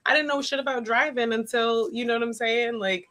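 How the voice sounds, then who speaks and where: Woman, slightly high voice, frank, swears, laughs a lot, podcast chat. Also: steady tone, fairly quick, fairly bright tone. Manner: frank, profane, laughs often while telling stories. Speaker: podcast co-host. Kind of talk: casual chat.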